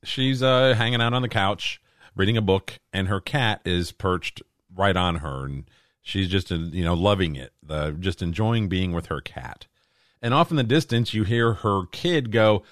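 A man's voice: medium pitch, lively intonation, normal speed, no echo. A man co-hosting a podcast who cracks dry jokes and reads news items aloud in casual chat. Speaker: podcast co-host. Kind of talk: casual opinion talk.

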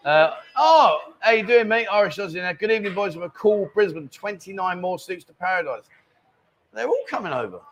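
A man's voice: high voice, animated, a little fast, a bit bright, a little hiss or hum. A man hosting a casual live stream from a bar, bantering and reading out viewer comments. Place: bar lounge.

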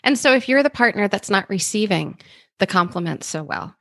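A woman co-hosting a casual talk show, explaining a point in a measured way. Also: medium pitch, animated, fairly bright tone, no room sound, studio quality.

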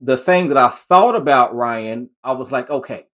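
A man's voice: medium pitch, animated, normal speed, fairly bright tone. A man in casual conversation, telling stories about his lawn care business in an easygoing way, with frequent restarts. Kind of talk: casual chat.

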